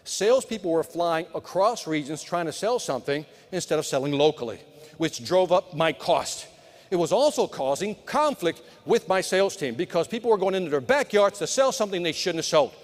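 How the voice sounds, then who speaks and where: High-pitched motivational man in a big hall. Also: very animated, a little fast. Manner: punchy motivational delivery, talks to the crowd. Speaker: keynote sales speaker. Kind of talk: live conference keynote. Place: large conference hall. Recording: long hall reverb.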